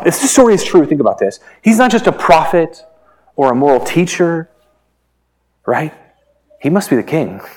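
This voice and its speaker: Lively conversational male preacher. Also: mid-range voice. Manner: conversational, asks the congregation questions. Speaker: pastor. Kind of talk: sermon.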